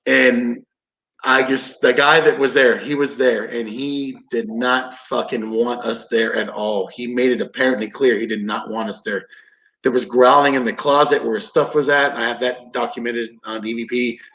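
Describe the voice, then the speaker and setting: A man's voice: mid-range voice, steady tone, moderate pace, sharp tone. Man telling a story, roomy dull audio. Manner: vivid, profane storytelling with acted-out quotes. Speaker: podcast guest, combatives instructor. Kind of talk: casual storytelling.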